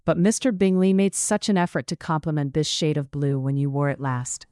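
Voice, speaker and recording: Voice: medium pitch, fairly even intonation, a little fast, darkish tone, smooth, dry recording, clean studio sound, close to an everyday voice. A narrator voicing a fussy, doting middle-aged mother in an audiobook, gushing and fretful. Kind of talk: audiobook character voice.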